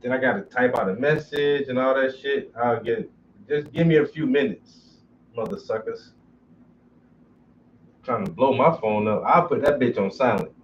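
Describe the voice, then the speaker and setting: Through a distant, muffled lo-fi recording with a bit of faint noise, a painter streaming his work swaps profane jokes and stories casually. His voice is medium-pitched and moves at an ordinary speed.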